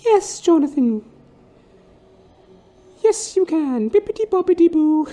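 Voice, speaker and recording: A man putting on a high falsetto voice for a sweet female fairy godmother. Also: very animated, measured pace, mellow, full character voice. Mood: sing-song. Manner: sing-song, high falsetto.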